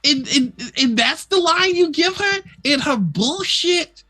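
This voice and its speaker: Fired-up ranting co-host with faint music. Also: high voice. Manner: fast, animated ranting with swearing and stammered restarts. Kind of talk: casual live-stream chat. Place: at home, neighbors heard outside.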